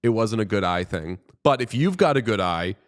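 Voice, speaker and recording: A man co-hosting a sports podcast in casual chat, animated and joking, swearing freely. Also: fairly low pitch, moderate pace. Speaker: podcast co-host.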